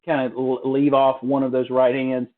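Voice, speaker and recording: A man giving a relaxed, casual drum lesson from a hotel room, explaining with fillers and restarts. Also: medium pitch, normal speed, narrow, tinny audio, faint music behind. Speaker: drum teacher. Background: drum practice pad.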